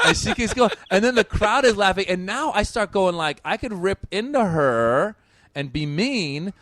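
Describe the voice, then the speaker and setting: Lively male comic telling a story. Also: high-pitched, normal speed, dry recording. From Iran. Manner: animated storyteller acting out crowd exchanges, frequent restarts. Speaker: comedian guest. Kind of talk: casual podcast chat, storytelling.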